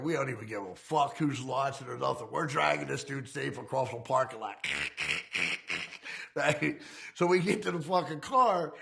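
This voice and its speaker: A man with a deeply gravelly, fry-heavy voice recounts his past crimes in a loose, rambling way. He swears constantly and laughs at his own memories as the story spills out. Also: a bit bright. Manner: profane, rambling, laughing often. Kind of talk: casual storytelling.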